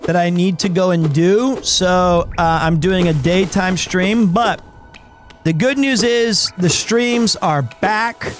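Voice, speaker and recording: Hoarse man streaming a game. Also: high-pitched, slow pace, soft background music. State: hoarse, recovering from illness. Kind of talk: casual chat while gaming.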